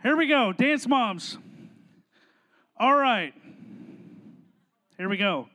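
High-voiced, playful young pastor. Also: male voice, drawn-out words, long pauses. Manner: playful, energetic, talks to crowd. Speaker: youth pastor. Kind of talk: youth sermon with skit.

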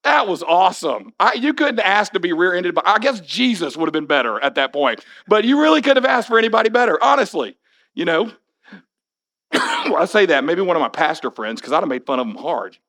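Hoarse male pastor, forties, personal sermon with wry asides. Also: high-pitched, big pitch swings, a little fast, fairly bright tone. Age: 40s. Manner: personal storytelling with wry humor. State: hoarse after illness. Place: church sanctuary.

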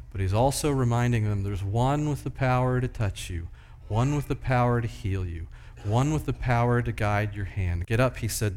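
A man preaching a sermon, moving between loud, emphatic passages and hushed, slow ones. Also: medium pitch. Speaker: pastor.

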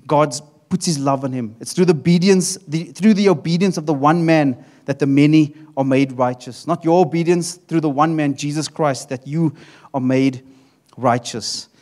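A middle-aged male pastor delivering a sermon with a fairly high voice. He is animated and keeps circling back, repeating and restarting phrases as he builds his point.

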